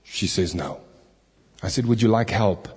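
A man preaching, telling a story animatedly and re-enacting the dialogue, with slow, emphatic stresses. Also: on the low side, darkish tone, slightly rough. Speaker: pastor. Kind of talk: sermon storytelling. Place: church. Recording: long reverb of a hall.

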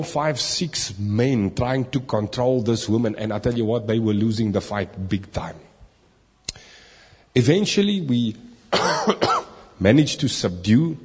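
A man preaching, telling a story animatedly and re-enacting the dialogue, with slow, emphatic stresses. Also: on the low side, a little mellow, husky. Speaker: pastor. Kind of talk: sermon storytelling. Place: church. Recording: long reverb of a hall.

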